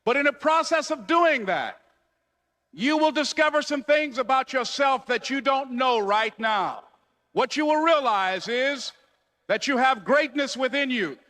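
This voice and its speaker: A man's voice: extremely high pitch, sharp tone, in a large hall. A man giving a motivational speech, with an emphatic, repetitive cadence like a preacher. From United States. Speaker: motivational speaker.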